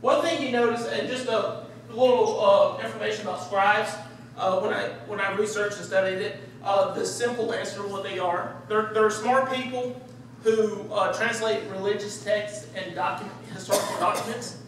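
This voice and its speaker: A man giving a conversational sermon, animated and acting out the voices of people in the story. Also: high-pitched, normal speed. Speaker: preacher. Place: church sanctuary. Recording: echoey room, distant mic, faint hiss.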